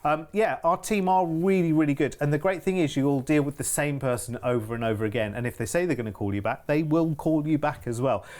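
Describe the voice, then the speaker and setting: A man's voice: on the high side, brisk, few pauses, a little mellow. A man with a British accent presenting cruise deals on a TV shopping channel in an emphatic, chatty, upbeat way. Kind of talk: enthusiastic sales chat.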